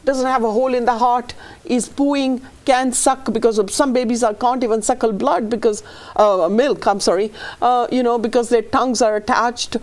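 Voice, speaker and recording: A woman's voice: fairly high pitch, steady tone, normal speed, darkish tone. A middle-aged woman, a fertility practitioner interviewed as a guest, talking in an earnest, emotional way with many restarts. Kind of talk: conversational interview.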